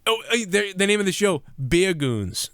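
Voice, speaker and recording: A man from the US Northeast, co-hosting a live podcast with crude, joking banter. His voice sits a little high and swings widely in pitch. The sound is dry and close. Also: sing-song, moderate pace, fairly bright tone, clear, resonant tone, no echo. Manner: crude, profane, laughing banter. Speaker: podcast co-host.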